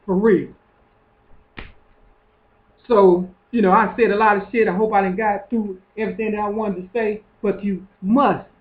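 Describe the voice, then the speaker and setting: A man preaching a profane, repetitive street monologue to camera from his room, constantly checking that the listener understands. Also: high-pitched. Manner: repetitive and profane, keeps asking "you understand what I'm saying"; intense, preaching. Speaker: vlogger. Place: room in an apartment building. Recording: tinny phone-like sound.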